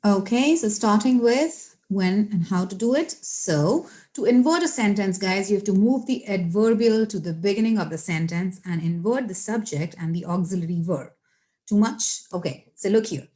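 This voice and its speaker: A woman teaching English grammar online, with a lively, swooping intonation. She explains patiently, dropping in frequent fillers and quick checks that viewers are following. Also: mid-range voice.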